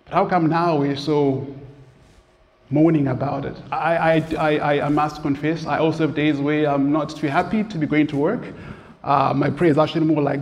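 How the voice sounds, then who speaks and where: A man delivers a sermon in a chatty, storytelling way, slipping into the voices of the people he describes. His voice sits a little high, and it rings out in a big room with a long echo. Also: steady tone, normal speed, a little mellow. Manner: conversational, acts out quoted voices, repeats words. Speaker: preacher.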